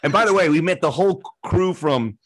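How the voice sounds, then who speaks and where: A man hosting a podcast, telling animated anecdotes in casual chat and acting out the people he quotes. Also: high voice, brisk, husky. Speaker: podcast host.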